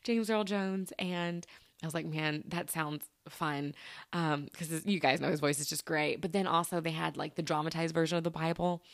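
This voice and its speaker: A woman's voice: low voice, steady tone, brisk, vocal fry, dry recording, clean studio sound. A woman hosting her own podcast in a casual, rambling solo chat, laughing often and talking straight to her listeners. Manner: addresses listeners as "you guys" and "y'all". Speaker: podcast host.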